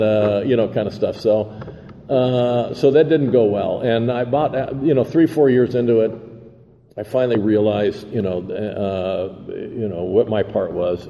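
Older man, recovery share, rambling, self-deprecating, mellow voice, reverberant hall. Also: mid-range voice. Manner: rambling, full of fillers and restarts. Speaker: recovery meeting speaker. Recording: echoey hall with faint noise.

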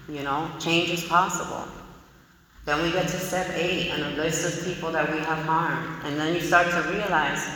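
A woman's voice: deep voice, sharp tone, far from the mic, slight background noise. A woman sharing her recovery story in a frank, conversational way, with many casual fillers. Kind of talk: personal testimony talk. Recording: echoey hall with long reverb.

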